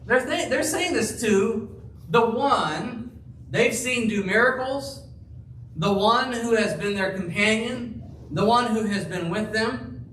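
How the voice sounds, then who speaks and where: A man preaching a sermon as pastor, slow and emphatic, acting out the quoted lines. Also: high voice, fairly bright tone, slight background noise. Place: church. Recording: roomy, distant church sound with faint ambience.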